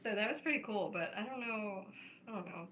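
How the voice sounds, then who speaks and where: A woman's voice: medium pitch, brisk, a bit bright, lo-fi sound, slight background noise. A woman co-hosting a podcast, chatting casually and laughing often as she tells family stories. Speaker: podcast co-host. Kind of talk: casual chat.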